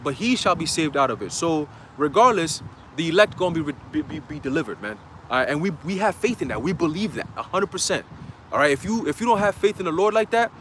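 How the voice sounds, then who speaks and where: Casual high-voiced man preaching a livestream. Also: fairly bright tone, slight background noise. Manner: conversational, filler-heavy, reads scripture aloud. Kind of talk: livestream sermon, casual street talk.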